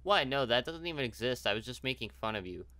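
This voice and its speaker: A man's voice: medium pitch, expressive, fast, pushed and bright, no room sound. A man reading out a dismissive young game character.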